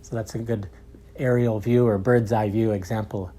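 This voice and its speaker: A man's voice: on the low side, steady tone, warm tone. Man teaching English prepositions. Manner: clear, deliberate drills with repeat-after-me prompts. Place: outdoors in a park.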